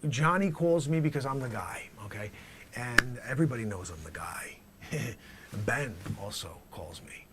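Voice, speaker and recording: A man voicing a brash, tough-talking middle-aged male drug dealer who swaggers and boasts, swinging from loud claims to low mutters in a comedy sketch. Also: noisy background.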